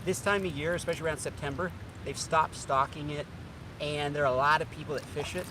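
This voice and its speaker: A man's voice: on the high side, fairly even intonation, quick pace. A man casually chatting to his livestream viewers while cooking outdoors on a riverbank, upbeat and talking straight to the camera on a tripod. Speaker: fishing vlogger. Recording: outdoor camera audio with loud ambient noise.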